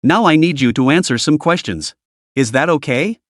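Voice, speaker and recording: A man's voice: a little high, expressive, moderate pace, no echo, clean studio sound, natural voice. A man voicing a stern, cold female university counselor in a story recap, clipped and disdainful.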